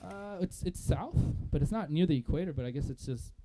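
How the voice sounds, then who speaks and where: A man's voice: on the high side, animated, fairly quick, background noise. A young man co-hosting a podcast in casual chat, rambling and profane with many fillers. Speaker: podcast co-host.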